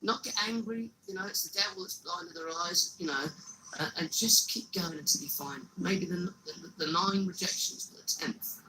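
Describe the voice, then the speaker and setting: Earnest man, bright voice. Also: high voice, moderate pace, a little hiss or hum, rough recording. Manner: earnest, often repeats and restarts words. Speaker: street evangelist who walks carrying a cross. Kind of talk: casual interview.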